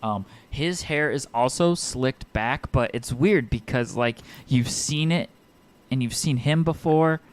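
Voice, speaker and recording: A man's voice: medium pitch, unhurried. A man running a tabletop game as game master, describing scenes in an easygoing way with filler words.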